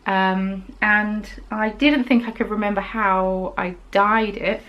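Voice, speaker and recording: A woman's voice: mid-range voice, fairly even intonation, takes it slowly, highs cut off. A woman hosting a craft podcast, chatting casually as she shows off her handmade pieces, gushing and rambling with frequent ums. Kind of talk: casual show-and-tell chat.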